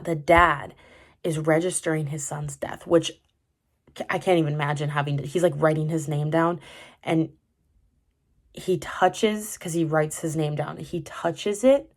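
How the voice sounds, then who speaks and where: Young woman vlogger, low voice, loose rambling delivery with lots of fillers. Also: fairly even intonation, a little slow. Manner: rambling, many "like" fillers and restarts. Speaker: vlogger reviewing a TV drama. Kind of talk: casual chat.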